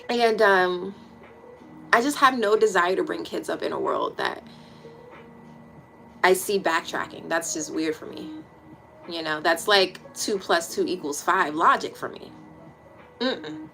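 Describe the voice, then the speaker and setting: A woman in her thirties with a Washington, D.C. accent, chatting casually and bluntly with her livestream viewers, swearing freely and dropping into quiet asides. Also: fairly low pitch, unhurried, vocal fry, pauses often, faint music behind, rough recording. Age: 30s. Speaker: livestream host.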